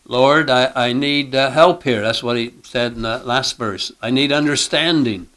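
Male Bible teacher, halting delivery, frequent throat clearing, emphatic scripture reading. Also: mid-range voice, a bit bright, low-quality recording. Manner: reads scripture aloud with emphasis.

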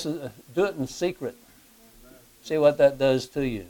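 A man preaching a sermon in a plain conversational way, often clearing his throat and putting questions to his listeners. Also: fairly high pitch, animated, moderate pace, darkish tone. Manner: asks the listeners rhetorical questions. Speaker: pastor.

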